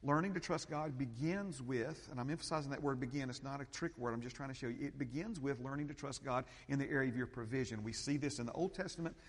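A man's voice: medium pitch, fast, hardly any pauses. A man preaching a sermon, emphatic and repetitive, rising to fervent peaks. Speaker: pastor. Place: church sanctuary. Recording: long church reverb.

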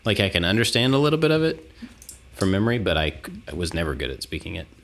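A man's voice: low voice, big pitch swings, quick pace, a bit bright. A man hosting a casual chat in a laid-back, self-deprecating way. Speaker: podcast host.

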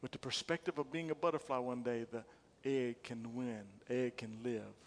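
A man's voice: mid-range voice, fairly even intonation, moderate pace, long reverb tail. A man preaching a sermon as pastor, repeating phrases emphatically and calling the congregation to respond. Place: church sanctuary.

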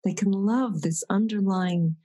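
A woman's voice: mid-range voice, unhurried, warm tone, rough recording. A woman teaching about meditation in a reflective conversation, thoughtful and searching, often restarting her sentences.

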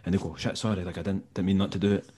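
Low, mellow Scottish man telling stories. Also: flat delivery, racing, slightly rough. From Scotland. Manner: rambling, laid-back, acts out quoted dialogue. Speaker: podcast guest, musician and tour manager. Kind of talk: casual storytelling interview.

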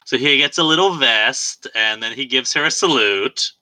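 A man's voice: mid-range voice, moderate pace, bright, forceful tone, no room sound, low-quality recording. A man co-hosting a podcast in casual film review chat, chatty and self-deprecating, laughing often. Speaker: podcast co-host.

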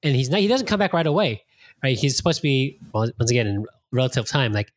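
A man hosting a casual podcast chat, talking with animated energy, swearing freely and acting out his own reactions. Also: medium pitch, quick pace, no echo. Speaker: podcast host.

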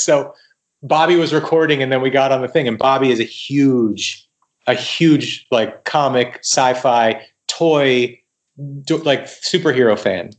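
A man, a guest writer, telling stories in a casual podcast interview, animated and full of quoted dialogue, often restarting his sentences. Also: medium pitch, measured pace.

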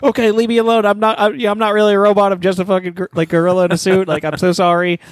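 A man's voice: high-pitched, level tone, very fast, no room sound, studio quality, pitched above the performer's own voice, natural voice. A man voicing a cowardly male gorilla hiding in a robot suit, apologizing and stumbling over his words. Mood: pleading. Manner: apologetic, fumbling.

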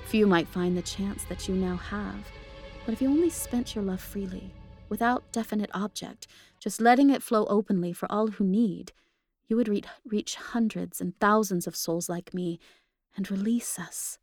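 A woman voicing a gentle male ghost who begs earnestly for love, in a slow, beseeching way. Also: mid-range voice, dry recording, soft background music, lightly acted.

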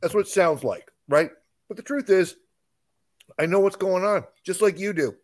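A man with a fairly high voice co-hosts a casual podcast chat. He talks emphatically, often with a sarcastic edge. His delivery sounds fired up. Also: normal speed. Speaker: podcast co-host.

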